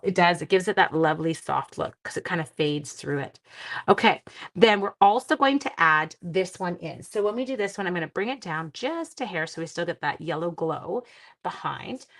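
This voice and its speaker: A middle-aged woman hosting a live card-making class, chatting with viewers as she works and wandering off into family stories. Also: fairly low pitch. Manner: talks to viewers while working with her hands. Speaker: crafting class host.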